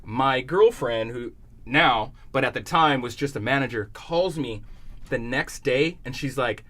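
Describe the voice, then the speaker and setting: A man's voice: medium pitch, unhurried, fairly bright tone. A young adult man on a podcast, telling a story in casual chat. He swears freely and acts out the other people's lines as he goes. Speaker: podcast co-host.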